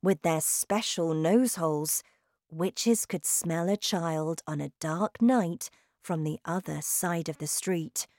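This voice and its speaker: A woman narrating a children's storybook aloud in a slow, deliberate, expressive way. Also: fairly low pitch, no echo, studio quality. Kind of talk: storybook reading.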